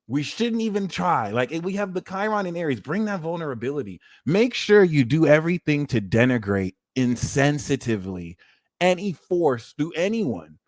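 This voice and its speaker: A man giving a livestream astrology reading, animated and emphatic and cursing freely. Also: medium pitch, dry recording, clean studio sound. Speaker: astrologer and tarot reader.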